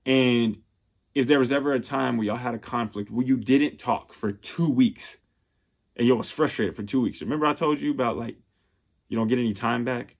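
A man's voice: mid-range voice, moderate pace. A man speaking earnestly and from the heart about relationships, with frequent restarts and fillers. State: getting emotional. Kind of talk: personal motivational monologue.

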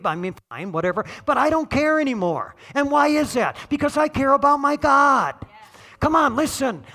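A middle-aged man preaching a sermon, conversational and joking, rising to shouts on key points. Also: sits high. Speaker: pastor.

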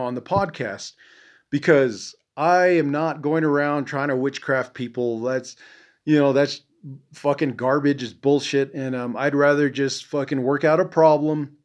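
A man hosting a podcast in an angry, profane, rambling monologue, full of "you know" fillers, his voice dropping and trailing off at the ends of phrases. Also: mid-range voice. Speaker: podcast host. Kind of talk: casual monologue.

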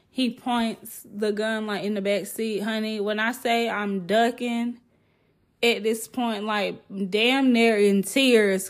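A young woman hosting a podcast, telling a wild personal story in a casual, animated way, swearing freely and calling listeners honey. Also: mid-range voice. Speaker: podcast host.

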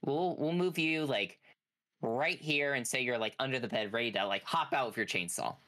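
A man's voice: medium pitch, moderate pace, pushed and bright. A man as game master, narrating a tabletop game in an easygoing, hesitant way with many fillers.

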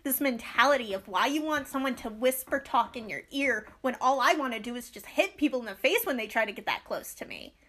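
A young woman co-hosting a podcast, chatting casually and ranting in animated bursts with quick asides. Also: fairly high pitch. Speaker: podcast co-host. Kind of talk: casual chat.

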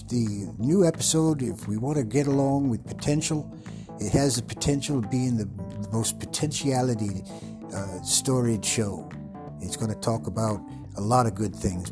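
A man voicing a boastful, rambling Old West frontier showman who talks about himself in the third person, with a husky voice. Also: lowish voice, normal speed, music in the background, close to an everyday voice.

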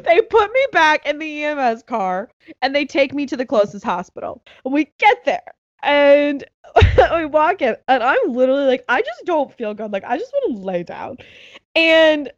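A young woman telling a story in casual chat, animated and laughing, acting out what others said. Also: high-pitched, moderate pace, no echo, muffled recording. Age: young adult.

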